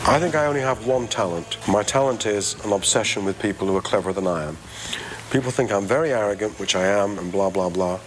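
A man's voice: on the low side, fast talker, over music. A middle-aged man, the founder of a record label, telling wry, self-mocking anecdotes in an archive interview. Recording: faint background noise.

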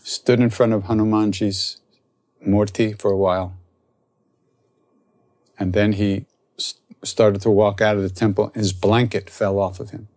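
Low-voiced man telling a spiritual story. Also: flat delivery, measured pace, long pauses, a little mellow, dry recording. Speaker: spiritual teacher. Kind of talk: storytelling talk.

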